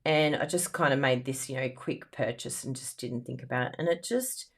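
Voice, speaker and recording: A woman's voice: a bass voice, moderate pace. A woman demonstrating card making who chats in a rambling, casual way with lots of fillers and frequent laughs. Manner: laughs often. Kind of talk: casual chat during a crafting demo.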